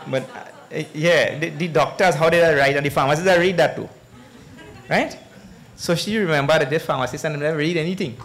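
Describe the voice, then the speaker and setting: A man giving a scripture discourse as a swami, telling stories with chuckles and asking his audience questions. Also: a little high. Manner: animated storytelling, chuckles, asks the audience "eh?". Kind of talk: sermon.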